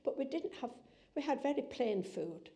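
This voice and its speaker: A woman's voice: high voice, expressive, moderate pace, warm tone. An older woman fondly recalling her childhood meals in an oral history interview.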